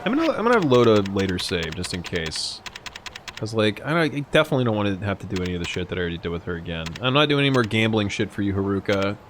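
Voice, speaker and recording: Lively, joking man streaming a game. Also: on the low side, fast talker, a little hiss or hum. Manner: rambling, jokey and profane. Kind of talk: casual gameplay commentary.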